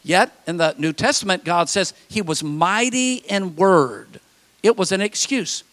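A middle-aged male pastor preaching a sermon, telling stories and acting out quotes with dramatic pauses. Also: high-pitched, expressive, a bit bright.

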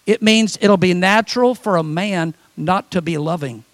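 Male pastor, middle-aged, high voice, dry close mic; lively sermon delivery with acted quotes. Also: moderate pace, dry recording. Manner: animated preaching with quoted voices and humor.

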